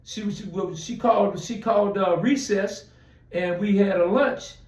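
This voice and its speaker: A man's voice: high-pitched, fairly even intonation, a little slow, a little mellow, echoey room, recorded from a distance, rough recording. A man telling a long personal story in a casual interview, rambling with restarts and acting out quoted dialogue. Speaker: interview guest.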